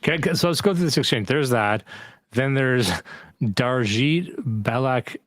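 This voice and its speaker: A man from Canada co-hosts a podcast in a loose, rambling way and reads online comments aloud as he goes. His voice sits in a middle pitch, and the recording is dry and close with no room around it. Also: a little slow, fairly bright tone, dry recording. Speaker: podcast co-host. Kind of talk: casual livestream podcast talk.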